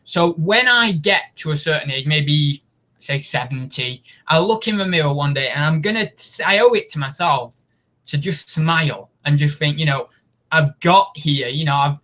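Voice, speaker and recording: A young man hosting a casual live stream, chatting in a rambling, self-mocking way. His voice sits a little high and sounds bright and forward. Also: lively intonation, moderate pace. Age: young adult. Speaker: YouTube host.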